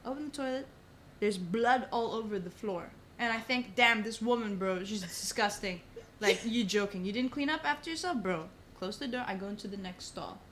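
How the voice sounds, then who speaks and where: A young woman, a podcast guest, telling a story in casual chat, animated and swearing often. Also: medium pitch, moderate pace, a little hiss or hum. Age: young adult. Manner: animated, swears a lot, says "bro" often.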